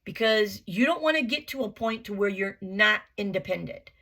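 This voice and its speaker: A woman's voice: mid-range voice, animated, normal speed, sharp tone. A woman giving an earnest motivational vlog monologue, blunt and emphatic, repeating her points and swearing casually. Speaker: vlogger.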